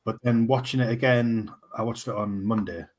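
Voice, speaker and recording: A man's voice: mid-range voice, steady tone, normal speed, darkish tone. A man co-hosting a casual film podcast, blunt and full of banter, swearing casually. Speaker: podcast co-host. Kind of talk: casual chat.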